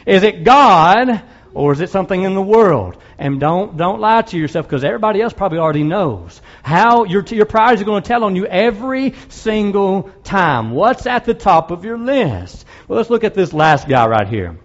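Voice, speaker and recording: A man's voice: sits high, big pitch swings, moderate pace, highs cut off. A man preaching a sermon in a conversational way, asking his listeners direct questions and dropping in wry asides.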